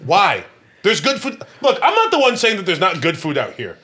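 A man's voice: sits high, huge pitch swings, moderate pace, sharp tone. A man co-hosting a casual podcast chat, mocking his friends, swearing a lot and laughing often. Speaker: podcast co-host.

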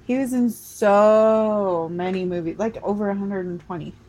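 A woman's voice: mid-range voice, steady tone, normal speed, darkish tone, slight background noise. A woman co-hosting a casual chat, giggly and teasing, full of fan enthusiasm. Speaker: podcast co-host.

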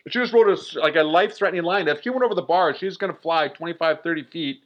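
A man in his forties telling a story in a casual, animated way, full of "like" fillers. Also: on the high side, fast talker. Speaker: guest. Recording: dull lo-fi recording.

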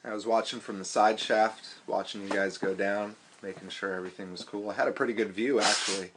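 A man in a casual group chat, speaking in a calm, understated way. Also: on the low side, fairly quick. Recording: loud noise with clicks.

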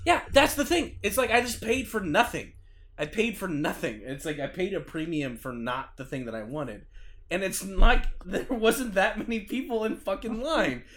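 A young man co-hosting a podcast, telling a story in an animated, swearing rant and laughing as he goes. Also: high-pitched, normal speed. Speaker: podcast co-host. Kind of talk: casual chat, storytelling rant.

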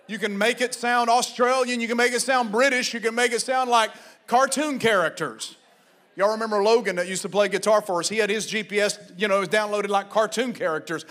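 A man preaching a sermon as pastor, fervent and exhorting, at times shouting and at times telling stories quietly. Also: high voice, brisk.

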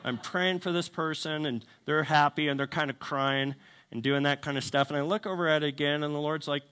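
A preacher tells a humorous, self-deprecating story in a sermon, animatedly acting out the voices of the people involved. His voice is fairly high and his pace brisk.

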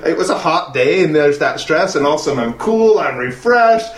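A man telling a lively story on a casual aviation podcast, laughing and restarting as he goes. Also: fairly high pitch, brisk, reverberant. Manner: animated storyteller, restarts and laughs through lines. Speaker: podcast co-host.

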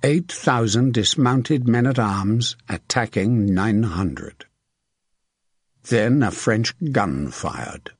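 A man reading a historical novel aloud as narrator, in steady, measured storytelling. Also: lowish voice, husky, no echo, studio quality. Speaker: audiobook narrator. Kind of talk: scripted narration.

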